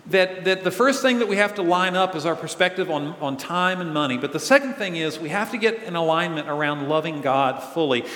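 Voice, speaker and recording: In a large, reverberant church hall, a male pastor delivers an earnest, conversational sermon, asking his listeners questions. His voice is fairly high and a bit bright.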